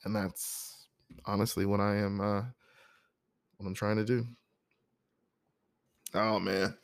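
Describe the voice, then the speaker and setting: Soft-spoken man, low and dry. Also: level tone, no echo. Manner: soft-spoken, halting and emotional. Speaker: poet introducing a poem. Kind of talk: personal storytelling.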